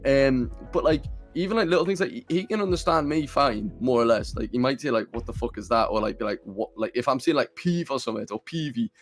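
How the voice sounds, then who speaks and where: A man's voice: medium pitch, lively intonation, quick pace, hardly any pauses. A young Geordie man chatting loosely on a podcast, swearing freely and tripping over restarts and fillers as he goes. Faint music sits underneath. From North East England. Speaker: podcast co-host. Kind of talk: casual chat.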